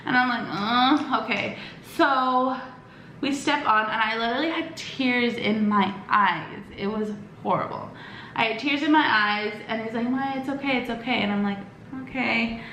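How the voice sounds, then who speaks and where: A woman's voice: a little high, pushed and bright, a little hiss or hum. Chatty young woman in an echoey room. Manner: chatty, rambling, lots of "like" and "um"; acts out quoted lines with quick voice shifts. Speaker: vlogger. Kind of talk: casual storytime chat.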